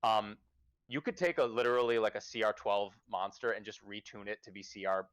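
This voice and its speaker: A man's voice: fairly low pitch, brisk, fairly bright tone, clean tone. Laid-back man swearing casually. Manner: casual, profane, emphatic advice-giving. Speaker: podcast host and dungeon master. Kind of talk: casual livestream chat.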